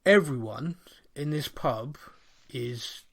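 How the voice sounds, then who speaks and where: A man's voice: mid-range voice, slow pace, breathy edge. Laughing Bristolian man telling stories. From Bristol, England. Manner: animated storyteller, laughs often, acts out voices. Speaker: podcast co-host. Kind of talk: casual chat.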